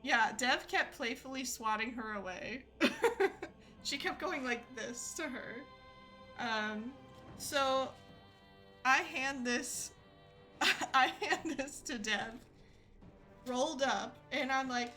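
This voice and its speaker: A woman streamer chatting through a casual story, giggly and full of little fillers. Her voice is bright and fairly high, and she takes her time, unhurried. Faint music sits beneath her. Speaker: gaming streamer.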